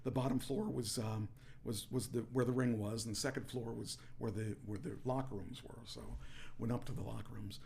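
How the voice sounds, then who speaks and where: A man, a former wrestler, telling stories in a casual podcast chat and rising into a loud promo voice when he quotes himself. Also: mid-range voice, fairly quick, vocal fry, a little hiss or hum. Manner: animated, shouts into promo voice when quoting himself. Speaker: former pro wrestler guest. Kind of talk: casual storytelling.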